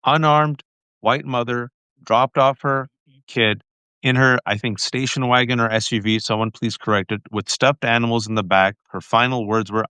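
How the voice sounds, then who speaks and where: A man's voice: mid-range voice, fairly even intonation, moderate pace, bright, forceful tone, smooth, no room sound. Emphatic male guest, dry close sound. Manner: emphatic, insistent storytelling. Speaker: guest commentator. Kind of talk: impassioned political talk.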